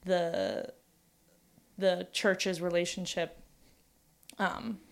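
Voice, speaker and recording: A woman's voice: on the low side, flat delivery, very slow, creaky. A young woman co-hosting a casual conversation, chatty and thinking aloud with plenty of fillers. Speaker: podcast co-host.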